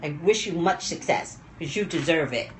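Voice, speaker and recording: A woman commentating on pop culture in a rambling, emotional livestream rant, dropping low and quiet when upset. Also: animated, normal speed, echoey room, slight background noise.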